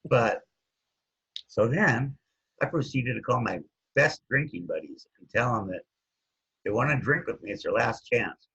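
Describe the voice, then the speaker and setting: A man's voice: measured pace, creaky, breathy edge. A man in his fifties, a guest telling his own story casually, often trailing off with "anyways". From Hawaii. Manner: animated, jumps up and down in pitch, trails off with "anyways". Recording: dull lo-fi sound.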